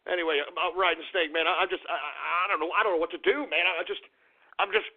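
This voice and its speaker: This call-in radio host talks fast in a steady, fairly high-pitched voice, swearing and letting off exasperation between callers. The profane rant comes through a tinny line that sounds like a phone.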